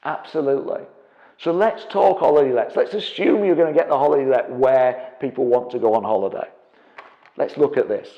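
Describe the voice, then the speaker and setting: A man giving an energetic seminar presentation as a property investment trainer, often checking in with the audience. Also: medium pitch, gravelly. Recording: dull, echoey hall with long reverb.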